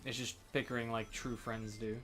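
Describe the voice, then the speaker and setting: A man's voice: lowish voice, flat delivery, normal speed, over music. A young man co-hosting a casual gaming stream chat, easygoing and agreeable, swearing casually. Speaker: co-host.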